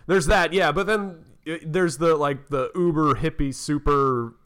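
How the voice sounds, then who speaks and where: A man's voice: on the high side, measured pace, a bit bright, clean tone. A man co-hosting a podcast, chatting casually and laughing often, with thoughts that trail off. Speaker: podcast co-host. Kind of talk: casual chat.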